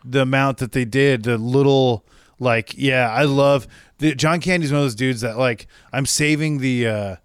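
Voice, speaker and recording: A man's voice: mid-range voice, steady tone, moderate pace, smooth, dry recording, studio quality. A man chatting on a comedy podcast in a laid-back, rambling way, with lots of fillers. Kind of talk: casual comedy podcast chat.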